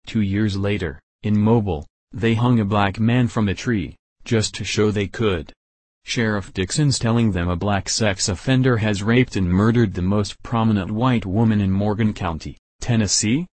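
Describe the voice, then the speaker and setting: A man's voice: fairly low pitch, normal speed, a little mellow, dry recording, close to an everyday voice. A man voicing a blunt state investigator speaking urgently over the phone.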